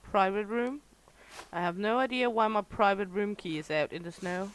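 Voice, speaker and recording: A woman's voice: medium pitch, normal speed, clean tone. A woman streamer chatting casually with viewers while playing a game, teasing regulars by name. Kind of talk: casual livestream chat with viewers.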